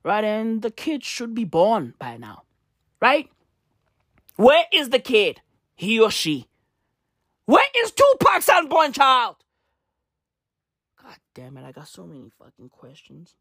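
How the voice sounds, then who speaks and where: A woman doing a profane comedic rant, full of slang, swinging from loud outbursts to low mutters. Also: big pitch swings, measured pace, no room sound, clean studio sound. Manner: swears constantly, slangy, swings between shouting and muttering.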